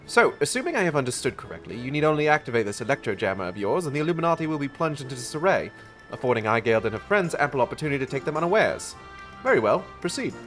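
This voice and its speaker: A man voicing a calm, scholarly female mage who speaks in a measured, formal way. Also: mid-range voice, faint music behind. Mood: composed. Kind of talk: reading game dialogue aloud in voices.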